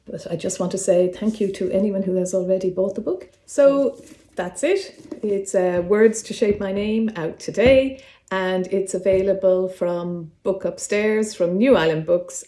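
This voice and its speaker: A woman, an author reading from her own novel in a calm, measured way. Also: on the low side. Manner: calm, measured reading; casual, slightly hesitant when speaking off-script. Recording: roomy echo.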